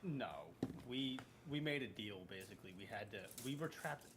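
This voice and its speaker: A man's voice: medium pitch, moderate pace, fairly bright tone, slight background noise. A man playing a tabletop game, a little drunk and slurring, rambling through recaps and correcting himself. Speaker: player. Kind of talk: casual tabletop game chat.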